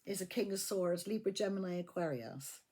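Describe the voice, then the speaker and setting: A woman's voice: on the low side, a little fast, mellow, a little hiss or hum. A woman giving a casual tarot reading, blunt and profane, often repeating her phrases. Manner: blunt, swears freely, repeats herself. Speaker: tarot reader.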